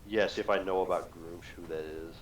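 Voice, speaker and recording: Man, low voice, tabletop player, joking, casual table chat. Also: fairly even intonation, normal speed.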